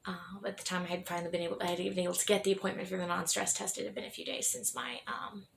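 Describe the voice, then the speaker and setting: A young adult woman telling her own story in a candid, rambling way, often restarting her sentences and laughing softly. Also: lowish voice, steady tone, fast talker, creaky, a little hiss or hum.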